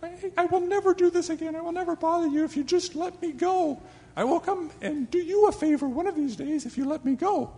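A man voicing a tiny, timid male mouse in a squeaky falsetto for a storybook fable. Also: fairly quick, warm tone, long reverb tail. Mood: pleading.

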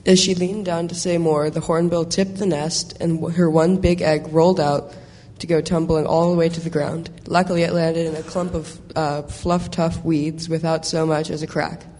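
Male storybook reader, warm and even, slightly high-pitched, in a reverberant hall. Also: normal speed, hardly any pauses, a little hiss or hum. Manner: steady, with occasional repeats. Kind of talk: storybook reading.

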